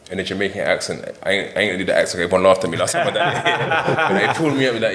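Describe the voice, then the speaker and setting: A man in casual chat, an animated storyteller who acts out the voices he quotes. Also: low-pitched, rapid-fire. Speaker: podcast guest.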